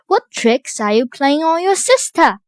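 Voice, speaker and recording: A woman doing a high, gentle young princess. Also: big pitch swings, unhurried, no echo, clean studio sound. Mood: concerned. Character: richly dressed young princess, concerned and gentle.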